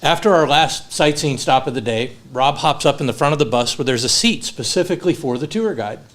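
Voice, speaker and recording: A man with an expressive, medium-pitched, fairly bright voice speaks fairly quickly at a friend's memorial in a funeral home. He tells humorous stories first, then shifts into heartfelt words.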